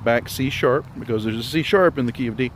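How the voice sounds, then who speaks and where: A man talks through a music theory lesson in a relaxed, step-by-step way, a little out of breath, his voice at an ordinary middle pitch. He is recorded outdoors, with loud wind and the rumble of vehicles behind him. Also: brisk. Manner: explains step by step, rambling and relaxed. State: slightly out of breath. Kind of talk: casual spoken theory lesson.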